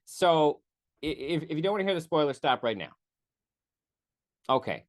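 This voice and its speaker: A man hosting a podcast, casually reviewing a movie on his own, rambling and correcting himself, with profane asides and quick mock voices. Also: a little high, big pitch swings. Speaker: podcast host.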